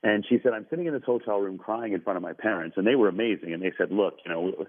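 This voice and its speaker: Low-voiced male guest spinning a story, thin phone-line audio. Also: rapid-fire. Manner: animated, quoting others at length. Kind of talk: telling a story in a radio interview. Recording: tinny phone-line radio sound.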